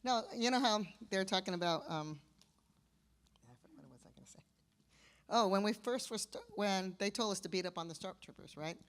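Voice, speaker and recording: A woman's voice: medium pitch, moderate pace, pauses often. An older woman on a convention panel, chatting and telling stories from her film work, acting out quoted voices as she goes. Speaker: panel guest, former creature performer.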